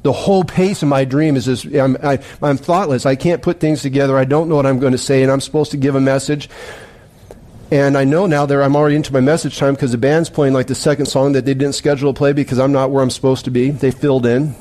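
A man's voice: medium pitch, steady tone, fast, dark tone. A middle-aged man preaching as a pastor, telling a dream in a rambling, emphatic way with many restarts. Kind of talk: sermon with dream story.

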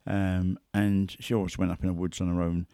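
Gravelly-voiced man telling animal stories. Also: sits low, brisk, dry recording, clean studio sound. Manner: animated, acts out quotes and sounds. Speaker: big cat investigator. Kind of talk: conversational storytelling.

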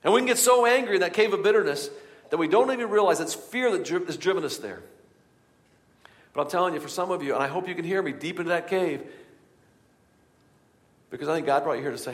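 A man preaching a sermon in a church, swinging from hushed tones to loud, urgent passages. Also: sits high, fast, pauses often. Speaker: pastor. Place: church sanctuary. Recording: long hall reverb.

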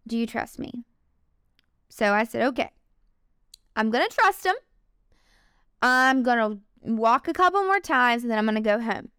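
A young woman with a high voice tells a personal faith testimony. She talks earnestly and with feeling, speaking straight to her viewers. The sound is dry and close, with no room echo. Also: animated, normal speed, long pauses, pushed and bright, clean tone. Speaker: faith vlogger.

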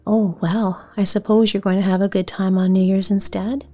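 A woman voicing an eager, excitable little girl in a storybook reading. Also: medium pitch, normal speed, soft background music, close to an everyday voice.

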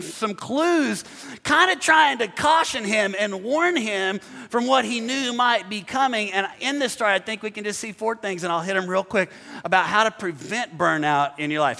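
A man preaches a sermon with a high, bright voice and a gravelly edge. He keeps calling on the congregation to repeat and answer him. The sound rings with long reverb from a large church hall. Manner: preaching to a congregation, calls for responses. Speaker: pastor.

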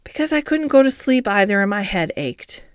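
A woman's voice: mid-range voice, very animated, moderate pace, clear, resonant tone, dry recording, studio quality, natural voice. A woman voicing a sickly, fretful young boy in an audiobook, anxious and petulant.

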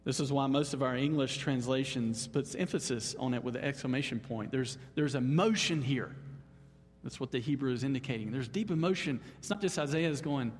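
A man pastor preaching a Sunday sermon in an animated, emphatic way. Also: a little fast, slightly rough. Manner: animated, emphatic, leaps up in pitch on exclamations. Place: church sanctuary. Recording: long hall reverb.

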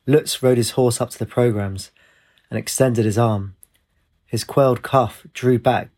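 A man's voice: medium pitch, fairly even intonation, a little slow, darkish tone. Man reading a storybook aloud. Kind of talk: storybook narration.

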